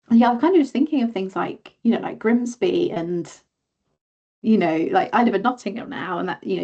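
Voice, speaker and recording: A woman's voice: fairly low pitch, creaky, mellow, slightly rough, highs cut off. A woman with a southern English accent, an author chatting casually as a podcast guest, rambling with many fillers and self-corrections. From southern England.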